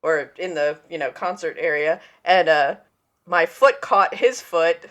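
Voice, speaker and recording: A woman's voice: lowish voice, expressive, measured pace, fairly bright tone. Chatty woman in her forties telling stories. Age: 40s. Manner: anecdotal storyteller, acts out quoted voices. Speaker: podcast co-host. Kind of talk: casual chat.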